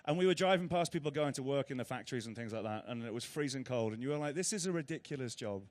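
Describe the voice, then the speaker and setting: A man's voice: medium pitch, very fast. An English man from Britain, an actor guest telling rambling anecdotes with many fillers and restarts in a casual interview.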